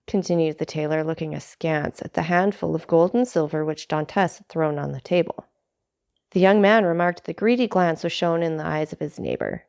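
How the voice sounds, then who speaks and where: A woman narrating a classic novel as an audiobook reader, in a measured storytelling manner. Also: low-pitched, expressive, vocal fry, a little mellow.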